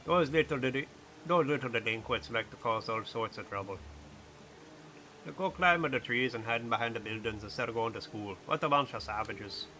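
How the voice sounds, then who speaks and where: A man's voice: medium pitch, a little fast, sharp tone, a little hiss or hum, close to an everyday voice. A man voicing a chatty male fish who passes on island gossip in a put-on Jamaican-sounding accent. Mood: gossipy.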